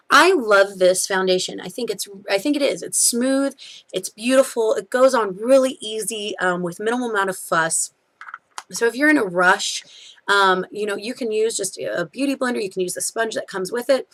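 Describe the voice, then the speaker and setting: A young woman with a light drawl talks through her favorite makeup in an easygoing, gushing way. Her pitch sits in an ordinary middle range, and she piles on fillers and cheerful corrections as she goes. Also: a bit bright. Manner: chatty and gushing, with many fillers and self-corrections. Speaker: beauty vlogger. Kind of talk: casual product review.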